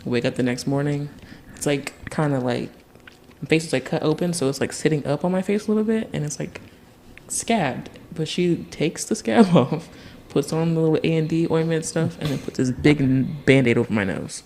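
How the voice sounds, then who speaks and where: A young man from Tennessee, a podcast guest, telling a childhood story in a casual, animated way, laughing and acting out other people's voices. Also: fairly high pitch, moderate pace, slight background noise.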